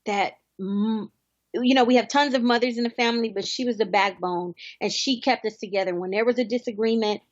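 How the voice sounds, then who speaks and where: A woman's voice: on the high side, fairly quick, no echo, highs cut off. A woman in her thirties, a guest in an interview, talking in a heartfelt, reminiscing way. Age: 30s. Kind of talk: interview conversation.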